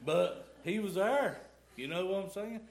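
In a church sanctuary, a middle-aged man rambles through a folksy testimony, saying "y'all" and "ain't." He speaks unhurriedly in a high, creaky voice.

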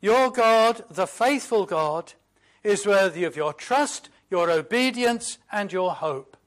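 A man preaching a sermon, slow and emphatic, moving from loud declarations to hushed, reflective asides. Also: high voice, animated. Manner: quotes hymn lines in a reflective voice.

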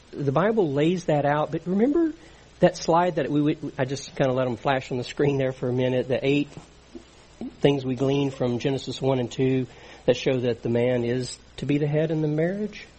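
A man's voice: medium pitch, dark tone, husky, poor audio. A middle-aged man preaching a sermon in an earnest, conversational teaching manner.

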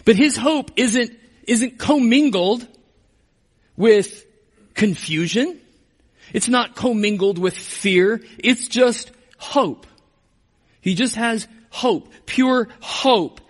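A man preaching a sermon as pastor, moving between emphatic passages and hushed, slow reflection. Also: extremely high pitch, in a large hall.

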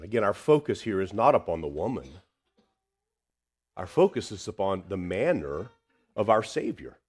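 A man preaching a sermon, swinging between loud emphasis and hushed tenderness. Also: fairly low pitch, husky.

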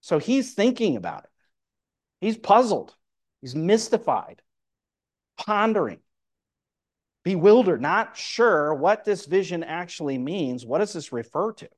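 A man's voice: sits high, sing-song, measured pace, pauses often. A man preaching, explaining a Bible passage verse by verse and reading scripture aloud. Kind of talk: Bible teaching sermon.

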